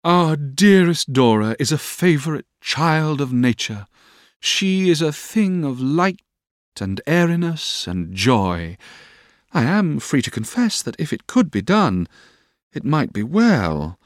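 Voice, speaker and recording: A man's voice: fairly high pitch, big pitch swings, slow, no echo, studio quality, pitched above the performer's own voice. Man playing an earnest young woman friend.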